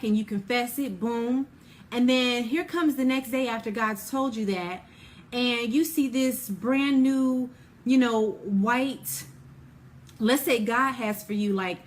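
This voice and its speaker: Woman, Bible teacher, informal lesson, chatty with lots of fillers, fairly high voice. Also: a little hiss or hum. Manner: chatty, full of "you know" and "like"; acts out everyday scenes with quoted dialogue.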